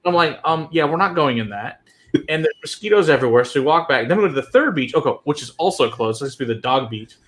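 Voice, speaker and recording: A man co-hosting a casual chat, telling travel stories in a profane, animated way. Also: mid-range voice, fast, hardly any pauses. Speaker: whiskey show co-host.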